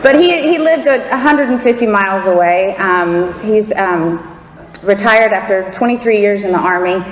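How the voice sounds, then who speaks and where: A woman's voice: mid-range voice, normal speed. A middle-aged woman giving a candid, laughing, fervent personal testimony to an audience. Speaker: testimony speaker. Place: large hall before an audience. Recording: echoey hall with faint crowd and noise.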